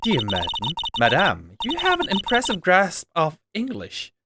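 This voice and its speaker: A man's voice: high voice, wildly swooping pitch, unhurried, very noisy, voice pushed up, exaggerated voice. A man voicing a stern, haughty older woman who speaks in a formal, stiff, condescending way.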